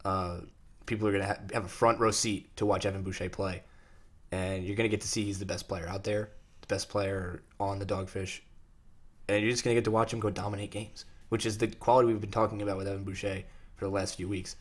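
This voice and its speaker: A man co-hosting a sports talk show, chatting casually with animated, jokey banter. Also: lowish voice, fast talker.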